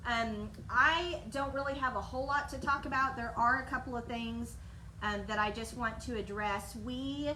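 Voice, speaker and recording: A woman talks casually on a work livestream, laughing easily and leaning on fillers. Her voice sits a little high and comes from well off the microphone in a roomy space. A steady noise runs underneath. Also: normal speed. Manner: giggly, chatty, many fillers. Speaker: HR director. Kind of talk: casual company livestream talk. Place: office room with coworkers. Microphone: distant device mic. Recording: roomy distant sound with background noise.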